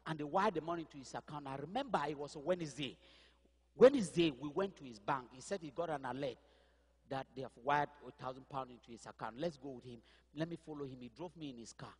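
A man from Cameroon preaching a sermon, telling his own story, with quiet asides and sudden loud outbursts. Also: on the high side, quick pace, slightly rough, long reverb tail. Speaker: pastor. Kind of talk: sermon testimony.

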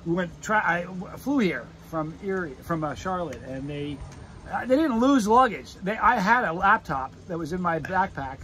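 A middle-aged man hosting a casual chat, telling rambling stories excitedly. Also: high voice, normal speed, slight background noise, poor audio. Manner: excited, chatty, rambling storyteller. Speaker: host.

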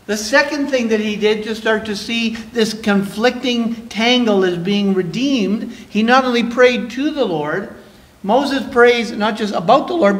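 A man with a Canadian accent preaching a sermon in a church, reading scripture aloud and swinging between loud and soft. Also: very high-pitched. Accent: Canadian English. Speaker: pastor. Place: church sanctuary.

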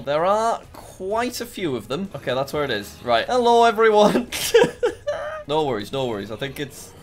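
British male gaming YouTuber, middle pitch, chatty and jumpy live commentary. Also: a bit bright. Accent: British English. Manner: jittery self-talk, jumpy exclamations. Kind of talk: casual gameplay commentary.

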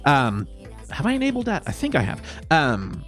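A man's voice: on the high side, huge pitch swings, normal speed, fairly bright tone, soft background music. A man with a nasal, stuffed-up voice from swollen sinuses, rambling casually as he wraps up a solo viewer Q&A, correcting himself and swearing freely. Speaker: YouTuber answering viewer questions.

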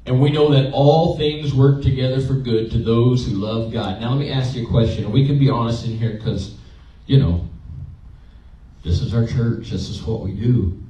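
A pastor with a dark, medium-pitched voice speaks at a moderate pace with fairly even intonation, preaching a conversational sermon. He shares personal stories emotionally and asks his congregation questions. The recording, made in a church sanctuary, is roomy, distant, and dull.

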